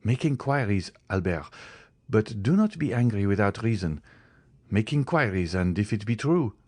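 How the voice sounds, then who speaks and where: A man voicing a cautious young friend who speaks in a calm, measured, restraining way. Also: lowish voice. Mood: cautioning.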